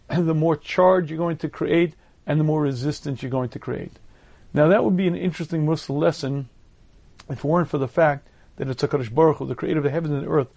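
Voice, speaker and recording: Male Torah lecturer, slightly high voice, dry recording, steady teaching delivery with frequent throat-clearing. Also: no echo. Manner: measured, explanatory delivery.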